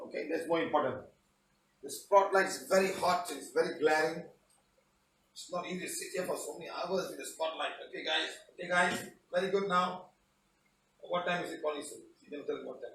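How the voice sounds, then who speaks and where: A man's voice: sits high, fairly bright tone, reverberant, far from the mic, slight background noise, low-quality recording. A man teaching a live online healing session under a studio spotlight, chatty and often repeating "okay, guys".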